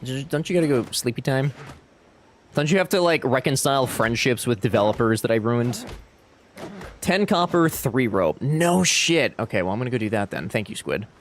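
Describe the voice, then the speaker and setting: A young man streaming a game and chatting casually with his viewers. He talks in an animated, chatty way and swears freely, his pitch leaping up and down across a wide range. His voice sits in a middle register for a man. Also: normal speed, slight background noise. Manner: animated, chatty, swearing, reads chat aloud. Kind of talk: casual live-stream chat.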